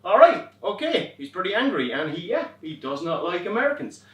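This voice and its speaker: A young Irish man performing a wry comic monologue on a theatre stage, swearing and animated as he tells a story. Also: high voice, a little fast, exaggerated voice. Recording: roomy stage from far off.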